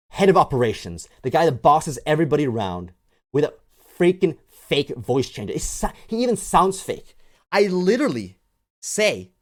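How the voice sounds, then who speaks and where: Exasperated male video ranter; sarcastic, animated delivery. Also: a little high, moderate pace. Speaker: crypto commentator. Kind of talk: ranting video monologue.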